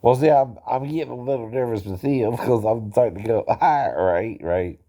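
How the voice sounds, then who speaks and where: A man's voice: mid-range voice, normal speed, dark tone. A man chatting casually about his singing impressions, tagging nearly every phrase with a questioning "right?" and chuckling often in a slightly self-conscious way. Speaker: amateur impersonator explaining singing impressions. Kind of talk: casual talking-head chat.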